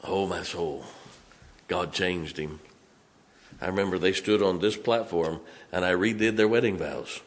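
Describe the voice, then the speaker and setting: A middle-aged man preaching a storytelling sermon in a church, folksy, swinging from loud to hushed. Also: deep voice, unhurried. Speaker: pastor. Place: church sanctuary.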